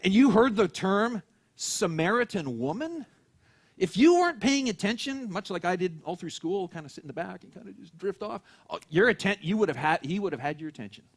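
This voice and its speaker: A man's voice: sits high, sing-song, fairly quick, breathy edge. A man preaching a sermon in a church, telling a story and acting out the voices of the people in it. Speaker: pastor.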